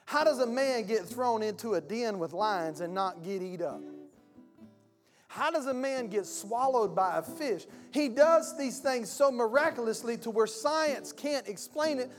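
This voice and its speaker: A man's voice: very high voice, expressive, a little slow. Male pastor, colloquial and impassioned sermon delivery, long church-hall reverb, faint guitar behind.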